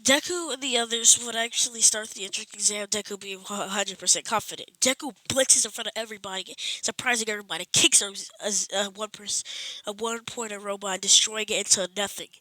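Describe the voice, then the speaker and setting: Woman, improvised fan story narration, rambling, self-correcting, bright voice, dry room. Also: medium pitch, a little fast, no room sound, poor audio. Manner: rambling, many restarts.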